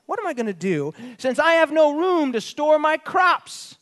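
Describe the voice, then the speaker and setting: A preacher voicing a smug rich farmer. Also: male voice, very high-pitched, very animated, normal speed, fairly bright tone, voice pushed up, exaggerated voice. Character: smug rich farmer man planning bigger barns.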